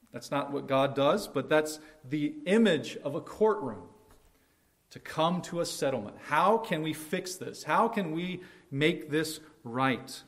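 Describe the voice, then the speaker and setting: A man preaching a sermon with emphasis, slowing and dropping to a hush on key words and acting out quotes. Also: on the high side. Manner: acts out quoted speech with quick, raised lines. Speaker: pastor.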